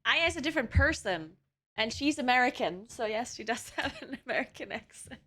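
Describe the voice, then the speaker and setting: A woman live-streaming, chatting loosely and reasoning out loud as she goes. Her voice is bright and sits a little high, and she breaks into laughter now and then. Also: animated, fairly quick. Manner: chatty, thinking aloud, laughs often. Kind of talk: casual live-stream chat while gaming.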